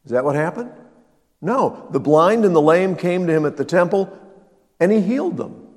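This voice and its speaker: Emphatic pastor preaching in an echoing hall. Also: male voice, sits high, lively intonation, normal speed. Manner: emphatic, swings from loud to quiet. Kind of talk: sermon. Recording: long reverb of a large hall.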